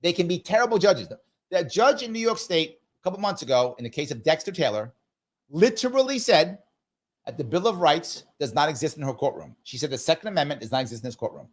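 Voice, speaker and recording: A man's voice: fairly high pitch, fast. A middle-aged man hosting a live ask-me-anything show, often tagging his points with "right?" and acting out quotes in a raised voice. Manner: animated, repeats "right?" and acts out quotes in a raised voice. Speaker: host of a live call-in show.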